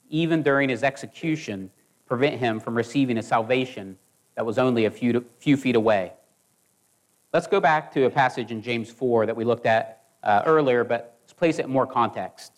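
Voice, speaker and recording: Guy preaching a sermon, earnest and measured, middle-pitched voice, restarts a word here and there.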